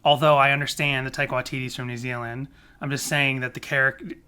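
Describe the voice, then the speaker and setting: Guy cohosting a chill podcast, bright voice, kinda rambly and jokey. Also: mid-range voice, level tone, fast talker, smooth. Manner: rambling, self-correcting, joking. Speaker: podcast co-host. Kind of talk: casual podcast chat.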